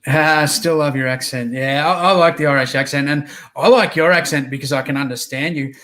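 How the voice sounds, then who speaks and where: An Australian man hosts a casual livestream interview, his fairly high, slightly bright voice moving a little fast. He's easygoing and rambling, full of ums and uhs.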